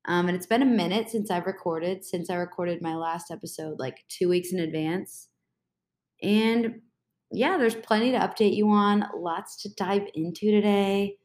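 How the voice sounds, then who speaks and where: Young woman hosting a solo podcast, stuffed up and a bit tired, casual and rambling. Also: lowish voice. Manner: rambling, chatty, with fillers and self-corrections. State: congested, tired. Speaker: podcast host.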